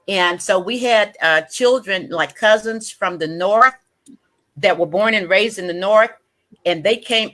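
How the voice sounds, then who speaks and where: A woman telling stories of growing up in a casual panel chat, with halting restarts. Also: on the low side, a bit bright. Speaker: cast member of a documentary.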